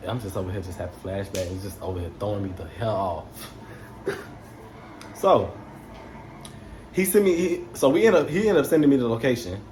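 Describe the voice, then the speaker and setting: A young man casually telling a story to camera, animated, slangy and swearing freely. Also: lowish voice, fairly quick, pauses often, background noise.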